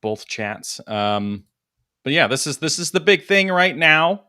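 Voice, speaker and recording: A man hosting a casual podcast, talking in a relaxed, rambling way about products he sells. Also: fairly high pitch, unhurried, clear, resonant tone, no echo, studio quality. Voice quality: relaxed, rambling, many fillers. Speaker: host and toy product seller.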